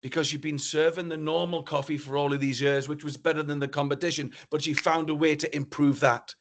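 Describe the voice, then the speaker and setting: A man from northeast England giving a motivational keynote talk, telling a story in an animated, theatrical way. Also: a little high, brisk. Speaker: keynote speaker.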